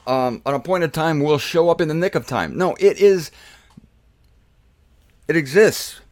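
A man giving casual, playful commentary on a Bible verse, repeating words for emphasis. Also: fairly high pitch. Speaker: Bible teacher. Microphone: camera in a laundry room.

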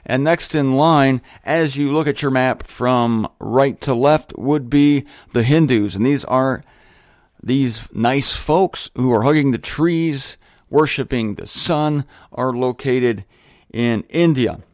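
A man's voice: mid-range voice, takes it slowly, a little mellow, dry recording. Male show host, casual and joking monologue, dry close sound. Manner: chatty, joking asides.

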